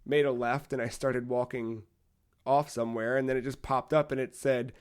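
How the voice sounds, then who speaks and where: A man co-hosting a podcast, telling a long story in casual chat, rambling with lots of fillers and animated retellings. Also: medium pitch, normal speed, clear, resonant tone. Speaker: podcast co-host.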